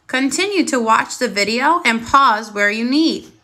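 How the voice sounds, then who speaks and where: Woman, first grade teacher on video, high bright voice, patient question-and-answer delivery. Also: lively intonation, unhurried. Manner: patient, asks questions then confirms answers.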